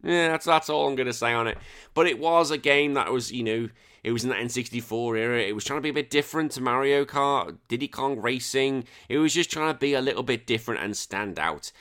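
A man hosting a podcast, chatting casually in a rambling, animated way and swearing freely. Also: medium pitch, brisk. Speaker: podcast host.

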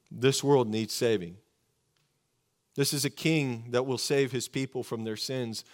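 Man, pastor, sermon, earnest, fervent, emphatic pauses, mid-pitched.

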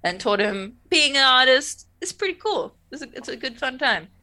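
A woman's voice: sits high, big pitch swings, moderate pace, sharp tone. A woman co-hosting a casual rewatch chat, laughing often, swearing, and acting out characters' lines. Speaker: podcast co-host.

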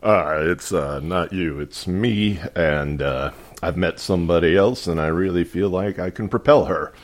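Slow, low-voiced hesitant man. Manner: slow, hesitant with many uhs. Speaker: podcast co-host. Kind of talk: casual pun-swapping chat.

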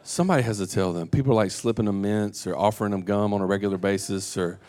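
A man in his thirties, a pastor preaching a sermon in a casual, joking way, with lively voiced quotes. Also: on the low side, fast. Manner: casual and conversational, animated quotes and jokes.

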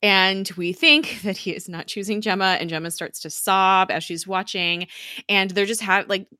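A woman's voice: mid-range voice, normal speed, bright, forceful tone, no room sound, studio quality. A woman in casual chat recapping a TV episode, acting out quoted lines and laughing often.

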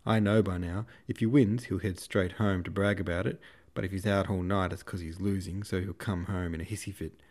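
A man's voice: sits low, steady tone, fairly quick, hardly any pauses, darkish tone, close to an everyday voice. A man voicing a cheeky male army orderly who talks in a dry, matter-of-fact way. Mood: wry.

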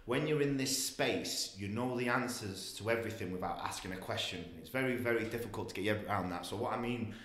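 Rambling through a lengthy tale full of asides, a guest speaks with casual, animated energy at a quick pace, hardly pausing. His voice sits a little low, and the room gives it a roomy echo.

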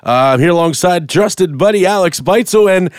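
A man hosting a casual podcast, playful and jokey, sometimes bursting into shouts. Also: high voice, animated, normal speed, clean tone, no echo, clean studio sound. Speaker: podcast host.

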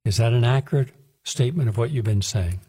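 A husky, mellow-voiced man interviews a guest, putting pointed, leading questions to her. His voice sounds farther from the mic than hers. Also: mid-range voice, quick pace.

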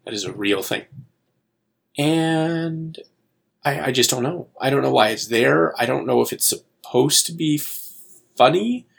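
Gravelly, deadpan man reviewing movies. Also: mid-range voice, a little slow. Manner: wry, deadpan, exasperated. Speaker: podcast co-host. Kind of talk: casual movie review chat.

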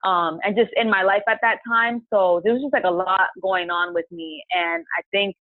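On a dry, tinny phone-line recording, a podcast guest recounts her own story at a moderate pace and medium pitch. She chats casually, leans heavily on "like" and acts out the things she said at the time.

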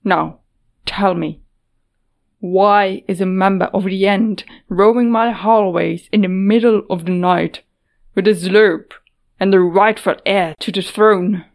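Defiant storybook ruler, accusing and slow, read by a woman. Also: high voice, fairly even intonation, vocal fry, full character voice. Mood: commanding. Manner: commanding, accusatory. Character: suspicious young ruler, newly defiant.

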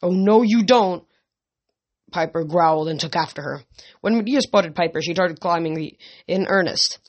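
A narrator reads a fantasy novel aloud in an amateur audiobook style. The reading moves along at an even pitch, with occasional slips that get corrected mid-sentence. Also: normal speed, highs cut off.

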